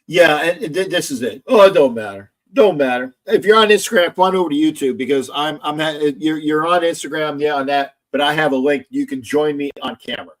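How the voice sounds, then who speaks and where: A man hosting a casual sports livestream, loud, gloating and profane, repeating himself often. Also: a little high, brisk, few pauses. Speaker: livestream host.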